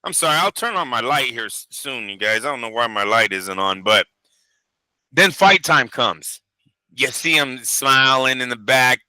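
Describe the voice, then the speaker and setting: A man co-hosting a boxing news show in casual, profane chat, animated and acting out quotes. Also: medium pitch, moderate pace, smooth, no room sound, poor audio. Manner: animated, swears a lot, acts out quotes.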